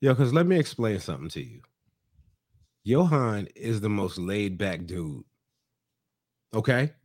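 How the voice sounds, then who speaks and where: Animated man recapping a show. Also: lowish voice, unhurried. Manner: animated, acts out other people's lines in shifting voices. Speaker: podcast co-host. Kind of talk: casual chat recapping a reality show.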